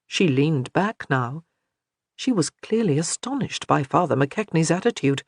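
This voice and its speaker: A man narrating an audiobook in a measured, expressive reading. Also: a little high, dry recording, studio quality.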